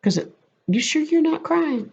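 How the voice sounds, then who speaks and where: A woman's voice: high voice, expressive, unhurried, gravelly, darkish tone, pitched above the performer's own voice, full character voice. A woman voicing a worried, caring husband on the phone, asking in an urgent and anxious tone. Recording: slightly muffled lo-fi audio.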